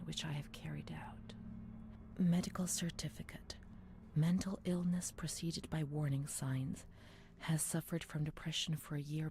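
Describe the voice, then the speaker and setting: A woman voicing a haunted game narrator who reads old asylum records in a hushed voice that often drops to a whisper. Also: deep voice, vocal fry. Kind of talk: scripted narration. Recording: game audio with noisy ambience.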